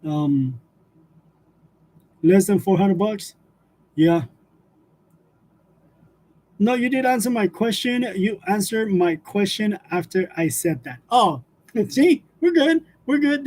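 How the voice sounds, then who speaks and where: Chatty, laughing man, high voice. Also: lively intonation, slow, pauses often, darkish tone. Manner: laughs often while telling stories, chatty with fillers. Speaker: livestream host. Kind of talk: casual livestream chat with viewers.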